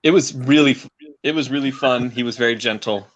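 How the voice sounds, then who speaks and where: A man's voice: medium pitch, a little fast, dull audio. A man co-hosting a podcast, chatting in an upbeat way and laughing as he tells stories. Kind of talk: casual chat.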